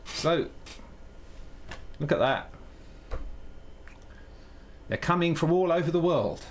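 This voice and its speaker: A man with a somewhat high, animated voice talks slowly over faint background noise. He's a live streamer coding on air, chatting casually as he thinks out loud, cracking self-deprecating jokes, and switching between English and Italian.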